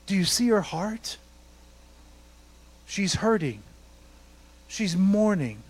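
A man's voice: sits high, big pitch swings, takes it slowly. A male pastor preaching a sermon, emphatic and repeating words for stress, asking rhetorical questions.

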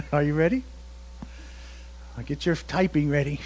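Pastor, male, high-pitched, preaching with slow dramatic emphasis and chuckles. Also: fairly even intonation, a little mellow. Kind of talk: sermon.

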